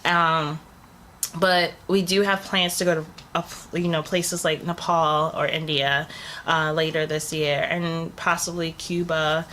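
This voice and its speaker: Getting over a cold and coughing, a young woman who co-hosts a travel channel rambles through a casual story to camera, full of fillers. Her deep voice has little pitch movement, an unhurried pace and a fairly bright tone, over faint background noise.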